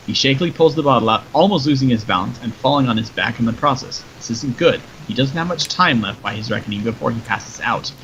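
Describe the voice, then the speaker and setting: A man reading a story aloud in a steady, descriptive narration, in a dull lo-fi recording with faint noise. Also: mid-range voice. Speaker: story reader.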